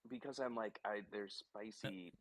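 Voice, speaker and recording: A man's voice: on the low side, unhurried, crowd noise. A man chatting as a guest, telling an anecdote while eating snacks. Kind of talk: casual chat.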